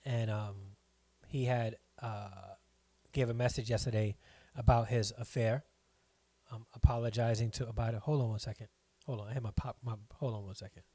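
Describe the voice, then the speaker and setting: A man's voice: mid-range voice, fairly even intonation, moderate pace, mellow, slightly rough, no echo. A middle-aged man hosting a live stream from home, chatting casually, rambling and reading viewer comments aloud.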